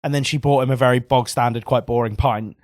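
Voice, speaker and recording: A man's voice: mid-range voice, steady tone, quick pace, a little mellow, no room sound, clean studio sound. A British man co-hosting a casual podcast chat, wry and telling stories. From Britain. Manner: wry, storytelling. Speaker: podcast co-host.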